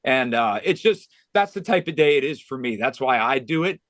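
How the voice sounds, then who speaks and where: A man's voice: medium pitch, expressive, moderate pace, a bit bright, dry recording. Earnest man telling a heartfelt story. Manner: earnest, with frequent restarts and "you know". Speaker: golf club director of instruction, podcast guest.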